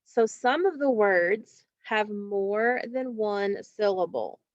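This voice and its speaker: A woman teacher with a mid-range, expressive voice leads a recorded phonics lesson for children, drawing out each word slowly and carefully. The lo-fi home recording sounds dull and dry, with no room sound.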